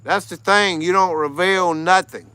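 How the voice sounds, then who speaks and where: A man's voice: high-pitched, fairly even intonation, a little slow, bright, forceful tone, clear, resonant tone, no room sound. A tired American man hosting a casual livestream, greeting chat viewers by name and laughing often. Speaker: livestream host.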